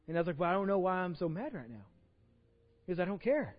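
A man with a Texan accent preaches a sermon in a casual, conversational way, often doubling words as he begins a thought. His voice sits fairly high. The recording is dull and muffled, with a long reverb from the church hall. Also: very animated, quick pace, long pauses. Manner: conversational, repeats words when starting phrases. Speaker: pastor. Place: church sanctuary.

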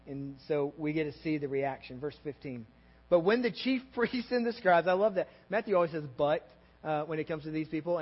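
Animated pastor with a Texan accent, in a reverberant hall. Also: male voice, on the high side. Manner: conversational and animated, with asides and audience check-ins. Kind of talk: sermon. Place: church sanctuary. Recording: dull audio with long hall reverb.

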